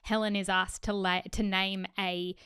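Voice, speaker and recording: A woman's voice: medium pitch, little pitch movement, unhurried, a bit bright, clear, resonant tone. A woman co-hosting a podcast in casual chat, talking in a chatty way and often laughing mid-sentence. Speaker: podcast co-host.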